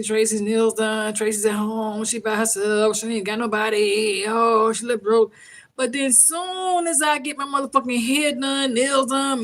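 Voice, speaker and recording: A woman's voice: a little high, a bit bright. Brash, profane New York woman reading tarot. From Bronx, New York City. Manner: brash, profane, joking, talks to chat. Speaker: tarot reader. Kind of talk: casual live-stream chat. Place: at home.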